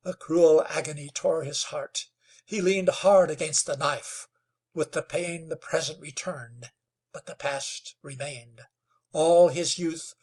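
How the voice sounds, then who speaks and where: A man narrating a western novel in a slow, dramatic storytelling manner. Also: on the high side, a little mellow, husky. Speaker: audiobook narrator. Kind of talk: scripted narration.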